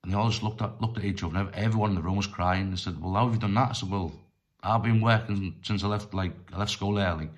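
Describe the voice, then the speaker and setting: A middle-aged man telling a personal story in a rambling, halting way, full of restarts and fillers. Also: sits low, steady tone. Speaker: storyteller vlogger.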